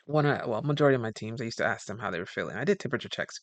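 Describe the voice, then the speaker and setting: A man's voice: medium pitch, very fast, no room sound. Chatty man talking in a dry room. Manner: animated, acts out quoted dialogue; rambling with self-corrections. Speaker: communication coach. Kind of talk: casual advice talk.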